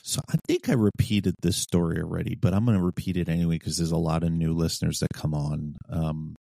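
A man, a former police officer, co-hosting a podcast and telling a profane, animated story that acts out his own past lines. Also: deep voice, brisk, vocal fry, no echo. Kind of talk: casual storytelling chat.

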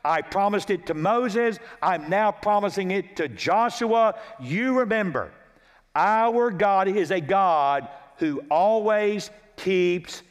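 A man delivers an expository sermon from the pulpit, his voice sitting rather high for a man. He moves methodically through chapter-and-verse references and restates his main lines for emphasis. The sound carries a long reverberant tail from a church sanctuary. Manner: repeats key lines for emphasis. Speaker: pastor.

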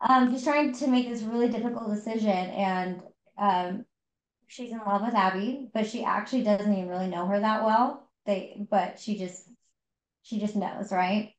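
A woman's voice: mid-range voice, normal speed, reverberant, rough recording. A woman co-hosting a podcast, chatting casually about a book with lots of fillers and restarts. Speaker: podcast co-host. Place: home.

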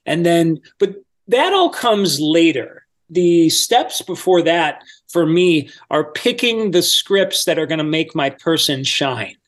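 A man, a voice-over coach, explaining his methods step by step in a relaxed podcast interview. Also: on the high side, slow, hardly any pauses.

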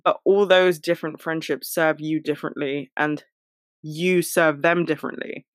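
A young woman talking casually to listeners and giving friendship advice, full of fillers, her voice jumping high when she gets excited. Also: normal speed, no echo, clean studio sound.

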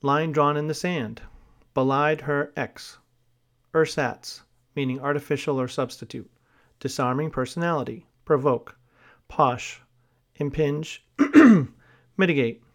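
A man slowly reading a vocabulary list aloud, word by word, pausing to spell some words and note the hyphens. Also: fairly high pitch. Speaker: vocabulary reader.

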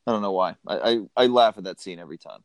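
A man's voice: low-pitched, lively intonation, fast talker, dry recording. A man co-hosting a casual movie podcast who laughs often and acts out quotes. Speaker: podcast co-host. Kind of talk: casual chat about a movie.

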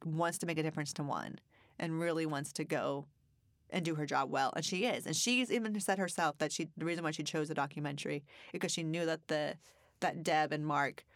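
Chatty woman telling a story, low voice. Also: fairly quick, no room sound, clean studio sound. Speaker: podcast co-host. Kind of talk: casual chat.

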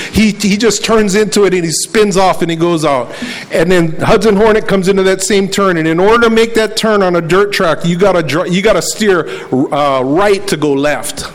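High-voiced fervent male preacher. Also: low-quality recording. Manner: conversational, fervent, repeats words while searching. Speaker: pastor. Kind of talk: sermon.

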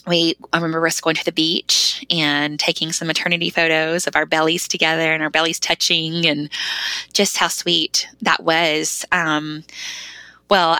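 A woman's voice: lowish voice, bright, forceful tone, dry recording. A middle-aged woman, a podcast guest, telling a heartfelt personal story in casual, conversational talk full of "like" fillers.

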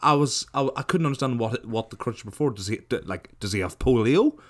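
A man's voice: mid-range voice, expressive, brisk. A man co-hosting a podcast, joking and teasing in casual movie chat. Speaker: podcast co-host.

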